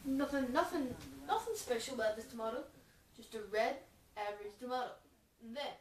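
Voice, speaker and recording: A woman's voice: high-pitched, unhurried, pauses often. A woman improvising a goofy, rambling parody voice-over of a preacher, full of restarts. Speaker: fan voice-over comedian. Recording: roomy echo, far from the mic.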